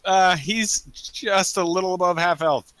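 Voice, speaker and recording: A young man running a tabletop game as game master, halting with many ums and casual swearing. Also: high-pitched, fairly bright tone, no echo. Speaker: dungeon master.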